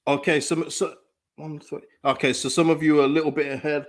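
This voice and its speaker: Excitable man hosting a football watchalong. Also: on the high side, moderate pace. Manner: excitable, reads out chat comments, laughs often. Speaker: live-stream football watchalong host. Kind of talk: casual live reaction chat.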